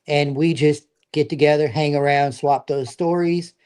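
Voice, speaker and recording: A man's voice: a little high, steady tone, normal speed, a little mellow, clear, resonant tone. A middle-aged man, a veteran guest, telling his stories in a casual, earnest, plain-spoken way. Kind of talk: casual storytelling.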